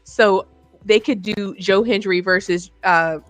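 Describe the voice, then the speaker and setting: A woman co-hosting a casual wrestling podcast, talking in a lively, playful way. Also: mid-range voice, measured pace, no room sound, soft background music. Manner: lively, playful, laughs often. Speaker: podcast co-host.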